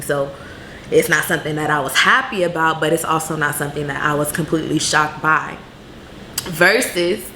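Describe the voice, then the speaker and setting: A woman in her late twenties with a low voice talks slowly and earnestly, answering viewers' questions in a candid vlog. Her voice rings in a roomy space with a faint ambient hum underneath. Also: sharp tone. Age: late 20s. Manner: reflective, laid-back, earnest. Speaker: vlogger.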